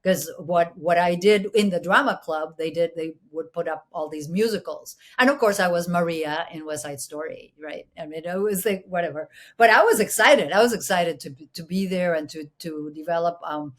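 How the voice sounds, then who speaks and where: A woman from Mexico, a Spanish native speaker, telling stories as an interview guest in a lively, restarting way. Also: lowish voice, normal speed, few pauses. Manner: animated, full of restarts, playfully mimics voices. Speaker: actress and producer, guest. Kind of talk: conversational interview storytelling.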